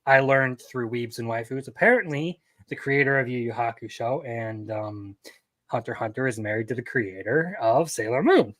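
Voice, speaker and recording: A young man co-hosting a casual podcast, speaking in a relaxed, easygoing way with frequent ums. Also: mid-range voice, normal speed, no room sound. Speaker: podcast co-host. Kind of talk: casual chat.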